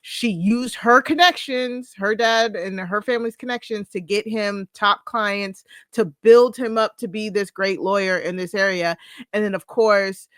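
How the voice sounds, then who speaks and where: A woman's voice: mid-range voice, steady tone, a little slow, a bit bright, no echo, clean studio sound. A woman co-hosting a casual podcast about a TV show, talking expressively and often laughing while she stacks up rhetorical questions. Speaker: podcast co-host. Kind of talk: casual pop-culture chat.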